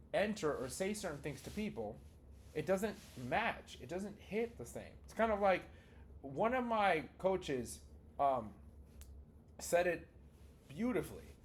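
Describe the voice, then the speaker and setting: Animated man coaching on public speaking. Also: fairly high pitch, a little hiss or hum. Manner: casual, animated, talks with many fillers. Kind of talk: teaching video on vocal delivery.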